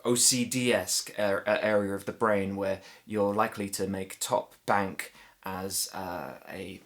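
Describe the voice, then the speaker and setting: A man's voice: sits low, steady tone, a little slow, a bit bright. A man with a southern English accent chatting as a comedian guest on a podcast, rambling and joking with lots of fillers, sometimes drifting off the mic. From Ireland. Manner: rambling, jokey, many fillers. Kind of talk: casual podcast chat. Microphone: moves off mic at times.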